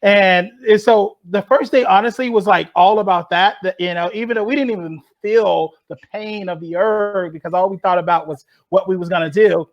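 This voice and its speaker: A man from Chicago's West Side, a guest on a podcast, telling a personal story with lively energy and acted-out quotes. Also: high voice, brisk, few pauses, dull audio. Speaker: guest, rower and author.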